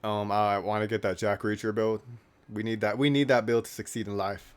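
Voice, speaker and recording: A man's voice: on the low side, little pitch movement, fairly quick, clear, resonant tone. A young man talking casually to camera in a rambling, self-mocking way, joking about himself and his goals. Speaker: YouTuber. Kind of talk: casual vlog monologue.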